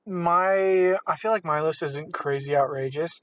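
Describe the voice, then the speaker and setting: A man's voice: fairly high pitch, a little slow, fairly bright tone, no room sound. A man co-hosting a podcast in casual chat, rambling and correcting himself as he goes. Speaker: podcast co-host. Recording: distant from mic.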